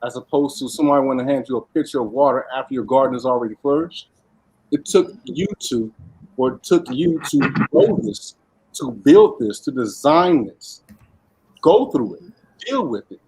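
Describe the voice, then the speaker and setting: A man's voice: medium pitch, animated, normal speed, a little mellow, slightly rough, low-quality recording. A man on a discussion panel who talks bluntly and emphatically, speeding up as he makes his point.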